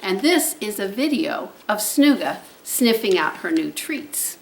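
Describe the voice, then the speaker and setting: A woman's voice: mid-range voice, sing-song, unhurried, creaky, slight background noise. A woman, a preschool teacher, speaking in a video message to her preschoolers and coaxing her pet dog in a sing-song way.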